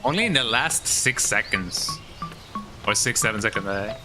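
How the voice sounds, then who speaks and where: A man's voice: on the low side, lively intonation, normal speed, rough recording. A man streaming a game, playfully reading the characters' lines aloud and tacking a jokey "eh?" onto them. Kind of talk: casual gameplay commentary. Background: game music.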